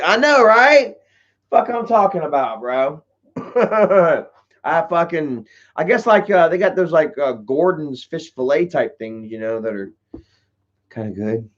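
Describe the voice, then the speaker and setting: Taking his time, this livestream host answers chat with meandering stories full of swearing and peppered with "bro" and "you know." His pitch is fairly high and swings widely. The recording has its highs cut off.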